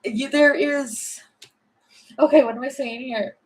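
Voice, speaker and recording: Speaking at a measured pace in a high voice, a tarot reader gives a casual, off-the-cuff reading, rambling, giggling and thinking out loud. The recording quality is low.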